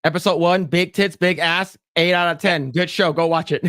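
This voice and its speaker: A man's voice: a little high, steady tone, normal speed, a bit bright, no echo. Jokey stammering man, dry close mic. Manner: jokey, lots of stammered restarts, breaks into mock voices. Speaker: podcast co-host. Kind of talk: casual chat reading comments.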